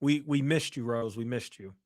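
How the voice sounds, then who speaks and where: A man's voice: mid-range voice, moderate pace, darkish tone, dry recording, studio quality. A man from the United States hosting a casual livestream, reading the chat aloud and teasing and mocking a viewer. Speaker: livestream host.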